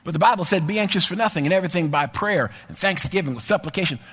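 A man delivers a sermon in a church, his voice a touch high and husky. He repeats lines in a rolling, sing-song rhythm and climbs into shouts. A long reverb from the hall trails each phrase. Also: animated, very fast. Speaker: preacher. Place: church sanctuary.

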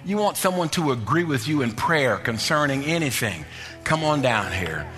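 A man preaching a sermon in a church, with an emphatic, repetitive cadence that often breaks into shouting, then leading prayer and an altar call. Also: mid-range voice, very animated, normal speed. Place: church sanctuary. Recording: long church reverb with faint music.

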